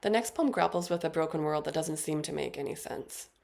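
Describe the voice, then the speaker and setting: A woman in her thirties giving a poetry reading, with short spoken introductions between poems and a measured, deliberate delivery. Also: deep voice, vocal fry, darkish tone. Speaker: featured poet.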